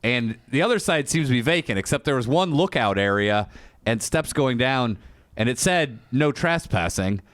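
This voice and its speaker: A man co-hosting a comedy podcast, telling crude stories in a casual, deadpan way. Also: mid-range voice, normal speed, no room sound, studio quality. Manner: crude, deadpan storytelling with acted quotes. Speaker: podcast co-host.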